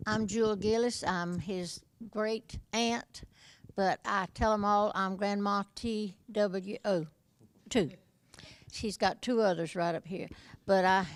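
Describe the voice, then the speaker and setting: Heartfelt older woman with a gravelly edge. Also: mid-range voice, a little hiss or hum. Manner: warm, heartfelt, blessing-like. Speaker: great aunt giving a family tribute. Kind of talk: short spoken tribute.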